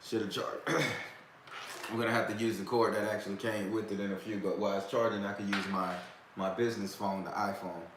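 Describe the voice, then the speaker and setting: Rambling low-voiced man in an echoey room. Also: fairly even intonation, fairly quick. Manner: rambling, with restarts and slang. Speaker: host of a talk stream. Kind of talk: casual storytelling to viewers. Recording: echoey room with faint background noise.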